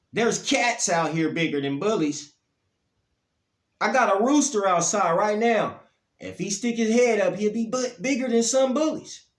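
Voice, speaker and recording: A man, ranting bluntly about dog breeding, his voice swinging from low grumbles to loud outbursts. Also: roomy sound. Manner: blunt, profane, heated, pitch and loudness swinging up and down. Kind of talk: ranting monologue to camera.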